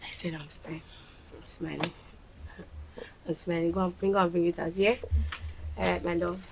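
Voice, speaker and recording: A woman's voice: fairly low pitch, flat delivery, quick pace, slight background noise, lightly acted. An actress with a Nigerian accent playing a mother anxiously checking on her daughter, repeating herself insistently.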